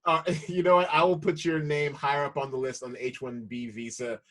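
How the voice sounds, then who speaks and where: A man's voice: medium pitch, little pitch movement, a little fast, a bit bright. A man hosting a casual film podcast, playful and hyped, laughing often. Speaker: podcast host.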